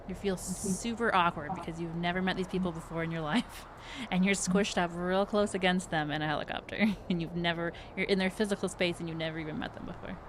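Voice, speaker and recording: A woman's voice: on the low side, noisy background. Easygoing woman running a tabletop game. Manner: casual, hesitant, many fillers. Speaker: game master.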